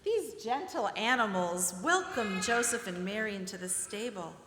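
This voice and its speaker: A woman leading a children's pageant, telling the story in an animated way and directing the children as she goes. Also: medium pitch, normal speed, noisy background. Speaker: religious education leader narrating a pageant. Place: church sanctuary. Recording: reverberant church hall with music. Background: music.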